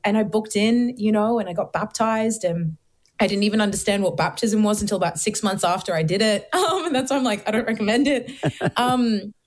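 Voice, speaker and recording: A woman's voice: medium pitch, brisk. Earnest young woman telling her story. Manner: earnest storytelling, lively, many "like" fillers. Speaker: guest. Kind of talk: personal testimony in an interview.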